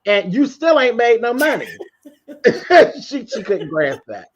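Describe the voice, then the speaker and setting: A man's voice: extremely high pitch, sing-song, takes it slowly. A man telling a profane gossip story in a brash, mocking way on a casual live-stream chat. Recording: dull lo-fi stream audio.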